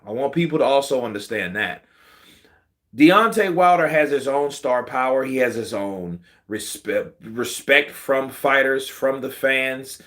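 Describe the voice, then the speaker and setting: A man hosting casual boxing commentary, slangy and animated, answering viewer comments. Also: medium pitch. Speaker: boxing channel host.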